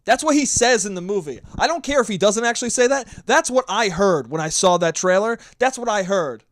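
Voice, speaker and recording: A man's voice: sits high, animated, brisk, fairly bright tone, dry recording, studio quality. A young man hosting a solo podcast, ranting sarcastically and swearing a lot while acting out mocking voices. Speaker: podcast host. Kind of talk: solo comedic rant.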